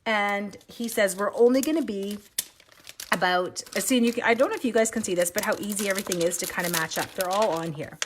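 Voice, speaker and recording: A woman's voice: mid-range voice, fairly quick, background noise. A middle-aged woman with a Canadian accent, feeling sick and coughing as she leads a live stamping demo, rambling through chatty side stories. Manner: chatty, rambling, self-interrupting. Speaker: stamping demonstrator.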